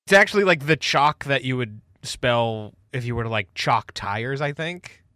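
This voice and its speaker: A man co-hosting a podcast who chats in a lively way and giggles often. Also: medium pitch, normal speed, dry recording, clean studio sound. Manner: animated and giggly. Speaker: podcast co-host. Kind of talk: casual podcast chat.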